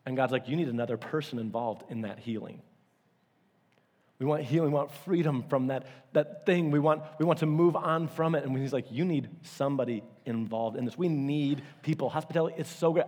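A man preaching a sermon as a pastor, telling stories with lively, acted-out quotes and sudden jumps in pitch. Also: breathy edge. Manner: animated storytelling, acting out quotes with big pitch jumps. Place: church auditorium. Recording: long hall reverb.

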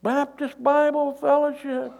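A preacher voicing a distressed man on a bridge who shouts short answers downward, in a joke. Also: very high-pitched, flat delivery, measured pace, creaky, lo-fi sound, voice pushed up, exaggerated voice. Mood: yelling answers. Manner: yelling answers.

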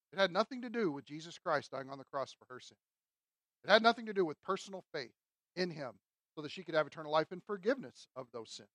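A woman's voice: on the low side, a bit bright, dry recording. A woman teaching a sermon through a Bible passage, emphatic and conversational, often asking her listeners rhetorical questions. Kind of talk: expository sermon.

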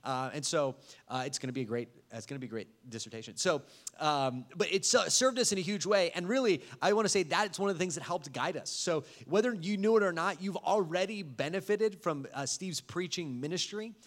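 Man, pastor, slightly high voice, halting introduction full of fillers. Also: fairly bright tone. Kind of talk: church announcement.

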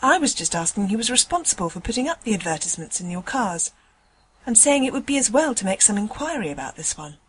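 A woman voicing a polite, well-spoken gentleman passenger who speaks in a courteous, measured way. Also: mid-range voice, very animated, slightly rough, poor audio.

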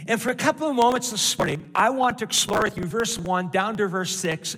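A man's voice: high-pitched, fairly bright tone. A man preaching a sermon, emphatic, repeating key phrases and calling for responses. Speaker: pastor. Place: large church with balcony. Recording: long hall reverb.

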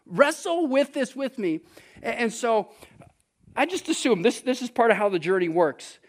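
A man preaching a sermon, telling a story with lively asides to the congregation and sudden bursts of raised voice. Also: extremely high pitch, moderate pace. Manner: animated storytelling, rises to shouts; conversational asides to the audience. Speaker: pastor.

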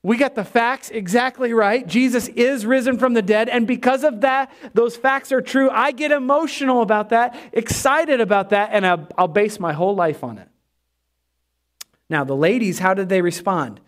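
Emphatic high-voiced male pastor. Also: normal speed. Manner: animated, emphatic, repeats key phrases. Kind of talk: sermon.

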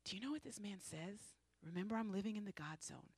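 A woman from the United States giving a missionary testimony, telling her story with lively, playful asides. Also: mid-range voice, fast, a little hiss or hum. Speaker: missionary speaker. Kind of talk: testimony to a congregation.

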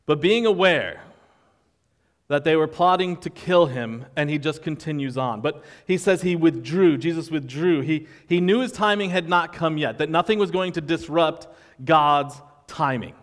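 A man's voice: a little high, normal speed, fairly bright tone, big-room sound. A man preaching a sermon in a conversational, wry way, walking through a passage. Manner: conversational, wry, acts out quoted voices. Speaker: pastor.

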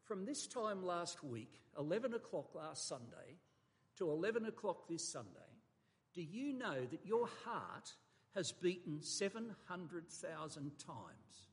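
A man gives a sermon from the pulpit. His voice sits high and he leans hard on key words, then drops away quietly. The sound carries the long reverb of a church hall. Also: big pitch swings, measured pace. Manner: emphatic, varies volume for effect, occasional stumbles. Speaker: pastor.

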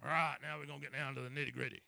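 A man's voice: medium pitch, flat delivery, very fast, gravelly, bright, forceful tone, dry recording. A man, preaching a folksy sermon that rises into emphatic bursts. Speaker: pastor.

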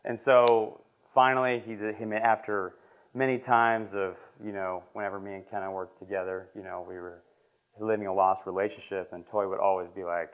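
A man in his twenties giving a halting, emotional personal testimony as a lay preacher in a church classroom. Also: lowish voice, little pitch movement, clear, resonant tone. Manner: halting, emotional, filler-heavy. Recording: muffled lo-fi recording.

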